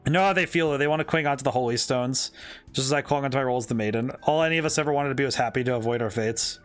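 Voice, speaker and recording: A man reading aloud the lines of an earnest young female fortune teller from a game, in a calm and sincere tone. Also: medium pitch, very fast, soft background music, lightly acted. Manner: reads the dialogue aloud in his own voice, calm and sincere.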